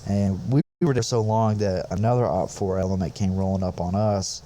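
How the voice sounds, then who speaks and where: This low, dark-toned voice belongs to a young man, a podcast host and infantry soldier, who moves briskly through a rambling, foul-mouthed army tale. His intonation stays fairly even and his manner relaxed and casual, over a faint hiss or hum.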